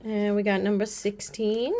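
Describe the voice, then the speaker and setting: A woman vlogger chatting casually to the camera, gushing and rambling with quick asides. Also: mid-range voice, level tone, dark tone, slight background noise. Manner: chatty and gushing, repeats "pretty" often. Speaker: beauty vlogger. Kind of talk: casual haul chat to camera.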